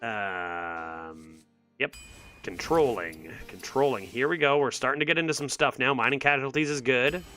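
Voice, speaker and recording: A man's voice: mid-range voice, normal speed, sharp tone, soft background music. A man streaming a card game, exasperated and sarcastic as he thinks aloud and talks to his chat. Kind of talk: live gameplay commentary to chat.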